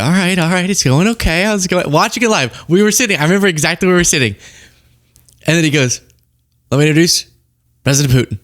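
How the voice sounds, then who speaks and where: Young male political commentator; lively, sarcastic, quick to laugh; close dry studio sound. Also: a little high, dry recording. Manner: animated, sarcastic, laughs often.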